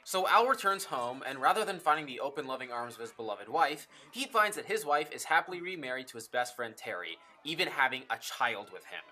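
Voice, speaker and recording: A man's voice: medium pitch, very animated, brisk, hardly any pauses, pushed and bright. A man giving a casual, enthusiastic film review, swearing freely and dropping jokey asides.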